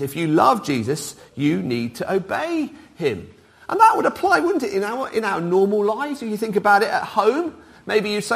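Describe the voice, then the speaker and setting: A middle-aged man preaching an all-age sermon, lively and interactive, drawing the congregation in. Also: high-pitched, creaky. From Wales. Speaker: pastor.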